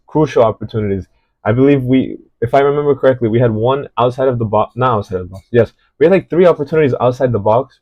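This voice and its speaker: A man's voice: medium pitch, dark tone, no room sound, highs cut off. Rambling man breaking down a football match. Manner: rambling, hesitant, many fillers and restarts. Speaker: football reaction host. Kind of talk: casual match analysis.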